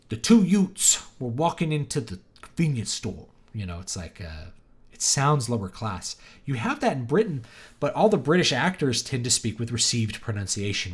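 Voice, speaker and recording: A man with a faint Southern drawl, a writer hosting a livestream, chatting casually and drifting between topics while tossing off quick accent impressions. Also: lowish voice, a bit bright. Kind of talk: casual livestream chat, reading viewer comments.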